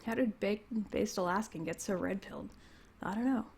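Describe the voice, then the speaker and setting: Slightly hoarse Canadian woman, rambling chat. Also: mid-range voice, moderate pace, darkish tone. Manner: rambling, laughs often, reads chat comments aloud. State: losing her voice. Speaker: livestream host. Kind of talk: casual livestream chat. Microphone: computer mic.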